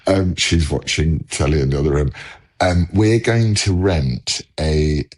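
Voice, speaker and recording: A man with a bass voice, a bit mellow and measured in pace, co-hosts a relaxed chat from home over a video call. He comes across as earnest and rambling, frequently starting his sentences over.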